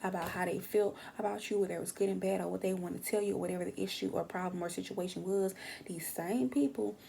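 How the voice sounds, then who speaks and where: Young woman, tarot reader, fast, gravelly, mellow tone, brash, slangy, faint background noise. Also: medium pitch, steady tone. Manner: brash, slangy and profane, acting out what others say. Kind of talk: casual tarot reading.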